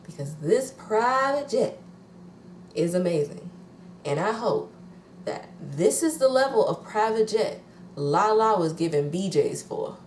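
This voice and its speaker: A woman's voice: mid-range voice, sing-song, unhurried, darkish tone, a little hiss or hum. Sassy lady doing a tv recap, swears a lot, echoey room. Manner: sassy, blunt, swears freely. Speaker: reality TV reviewer. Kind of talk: casual TV recap.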